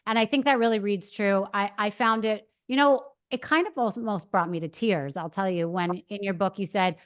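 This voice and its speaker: A woman's voice: medium pitch, moderate pace. A woman hosting a podcast interview, asking long, earnest and effusive questions. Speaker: podcast host.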